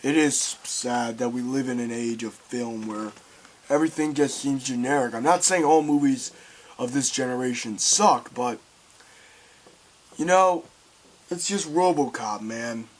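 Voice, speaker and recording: A young man giving a casual film review, excitable and swearing, acting out scenes loudly. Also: medium pitch, unhurried.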